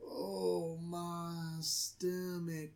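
A man's voice: on the high side, completely flat delivery, vocal fry, heavily acted. A man putting on a whiny daughter faking pain.

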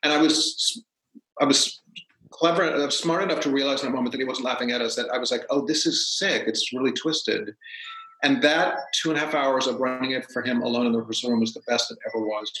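A man, a stage actor as a guest, telling stories in a casual, animated way and acting out what people said. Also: medium pitch, quick pace, a little hiss or hum. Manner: animated, acts out quotes. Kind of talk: casual storytelling. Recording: roomy echo.

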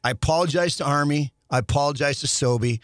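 A man's voice: fairly high pitch, fairly quick, a bit bright, dry recording, clean studio sound. A middle-aged man, a former hockey player, telling long stories in a casual chat, restarting sentences often and acting out dialogue. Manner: rambling with many restarts, acts out quoted dialogue.

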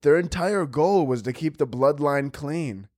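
A young man hosting a podcast, riffing in a profane, rambling comic monologue and often breaking into squeaky impressions. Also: a little slow, darkish tone, dry recording, studio quality. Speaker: podcast host.

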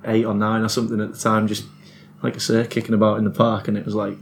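A man's voice: fairly low pitch, completely flat delivery. Man, co-host, casual football chat, upbeat, faint hum. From Middlesbrough area. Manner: upbeat storytelling, quick to laugh. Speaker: podcast co-host.

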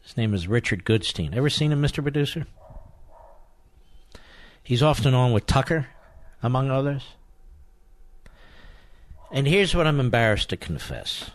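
An emphatic male talk radio host at an ordinary pitch, speaking into a close, dry studio mic. He hammers his points home and repeats key phrases for weight, whether he is taking calls or reading a sponsor spot. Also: sing-song, moderate pace, long pauses, dry recording.

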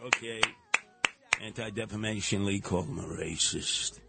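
A man's voice: medium pitch, a little fast, gravelly, very noisy. A man hosting a talk radio show, delivering an opinionated monologue, mocking and mimicking other people. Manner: animated, mocking, mimics voices.

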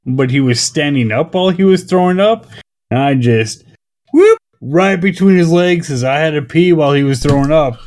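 A man's voice: on the high side, animated, moderate pace, darkish tone. A man on a casual group podcast, talking bluntly and swearing a lot. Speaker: podcast host.

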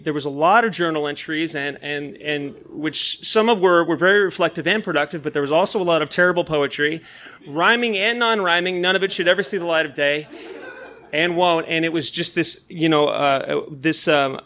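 A man's voice: fairly high pitch, sharp tone. A young man from San Diego telling a rambling, self-mocking story live on stage in a bar. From San Diego, California. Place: bar venue, live show.

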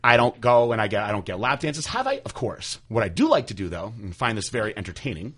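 Bright-voiced man in casual chat. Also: fairly low pitch, quick pace. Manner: candid, crude storytelling with animated impressions. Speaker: podcast host.

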